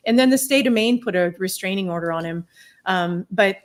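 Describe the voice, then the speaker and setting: A middle-aged woman telling her own life story on a podcast panel, candid and animated, laughing through the hard parts. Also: medium pitch, fairly quick. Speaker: podcast guest. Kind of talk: personal storytelling in a round table talk.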